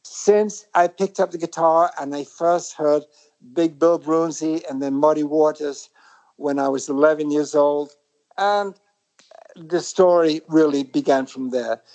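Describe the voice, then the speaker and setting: A middle-aged man from Britain, a guest musician in a casual interview, talking in a reflective, rambling way with many halting restarts. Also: on the high side, fairly even intonation, a little mellow, poor audio.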